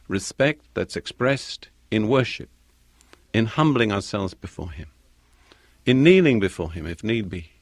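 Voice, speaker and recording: Measured male preacher, dry sound. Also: medium pitch, no room sound. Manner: measured, deliberate, repeats key phrases for emphasis. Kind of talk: sermon.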